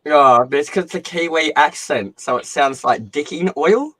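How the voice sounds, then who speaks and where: A chatty man with an Australian accent, talking in a fairly high voice and swearing freely. The mic is close and dry. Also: normal speed, a bit bright, no room sound. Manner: chatty, laughing, swears freely, reads out chat. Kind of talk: casual crude chat on a livestream.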